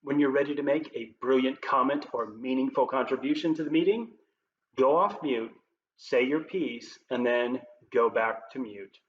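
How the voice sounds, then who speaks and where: A man presenting as a leadership coach, giving scripted tips to camera in a clear, upbeat presenter manner. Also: mid-range voice, moderate pace. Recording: roomy, slightly dull with faint noise.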